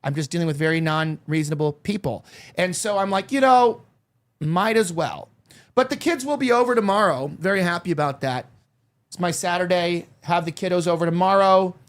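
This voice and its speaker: Brisk and high-pitched, this talk show host in his thirties makes casual, confiding conversation. His candid chat wanders, full of fillers and false starts.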